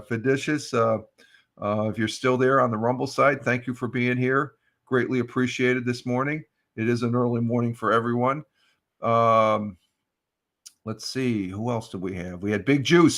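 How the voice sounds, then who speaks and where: A man's voice: mid-range voice, fairly bright tone. A man hosting a casual morning live stream, thanking viewers by name in a rambling way with many ums and uhs.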